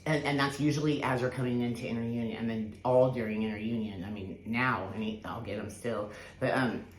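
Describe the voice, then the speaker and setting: A woman vlogger speaks a little fast in a steady-toned bass voice, rambling casually through a personal spiritual story. There are many fillers and restarts, plus the odd swear word, and the echoey recording has faint background hiss.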